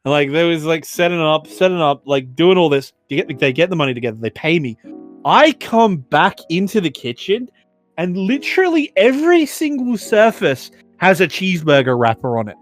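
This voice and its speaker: Animated Australian man telling stories. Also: on the high side, normal speed, faint music behind. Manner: animated, swearing, filler-heavy. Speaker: podcast co-host. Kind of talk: casual storytelling.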